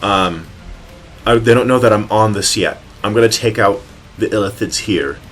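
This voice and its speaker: A man's voice: on the low side, moderate pace, fairly bright tone, soft background music. Hesitant male tabletop player. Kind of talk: casual tabletop play.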